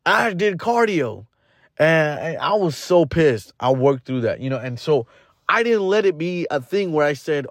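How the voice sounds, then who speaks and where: A man's voice: on the high side, big pitch swings, measured pace, no room sound. Blunt man with a dry, close sound. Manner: blunt, casual, with frequent fillers and restarts. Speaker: podcast host. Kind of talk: motivational monologue.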